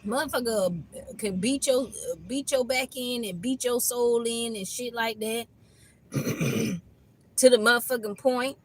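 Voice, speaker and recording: A woman's voice: fairly high pitch, a little slow, long pauses, no echo, poor audio. A woman tarot reader ranting in a casual reading, blunt and profane, laughing often between lines.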